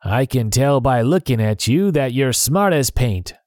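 Man putting on a booming one-legged tavern keeper, cheery and hearty, storybook reading, dry close sound. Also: expressive, measured pace, darkish tone, no echo, lightly acted.

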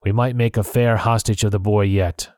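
A man voicing a genial, scheming old male pirate cook in a storybook reading, in a higher jovial voice. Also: fairly even intonation, moderate pace, darkish tone, no room sound, clean studio sound, lightly acted. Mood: crafty.

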